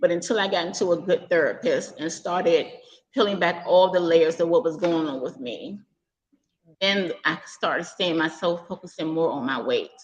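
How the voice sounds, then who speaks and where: A woman speaking as a guest on an online call. She shares in an earnest, halting way and holds back tears. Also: lowish voice, poor audio. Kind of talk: casual heartfelt sharing. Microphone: video call.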